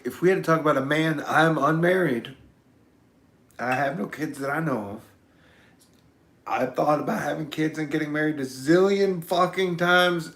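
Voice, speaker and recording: A man vlogging in a loose, meandering monologue, cursing freely and swinging from mumbles to shouts. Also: a little high, roomy sound. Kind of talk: rambling casual monologue.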